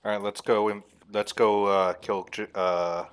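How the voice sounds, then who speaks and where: A man's voice: on the low side, little pitch movement, a little slow, clear, resonant tone. A man hosting casual gameplay commentary, sarcastic and joking. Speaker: gaming channel host.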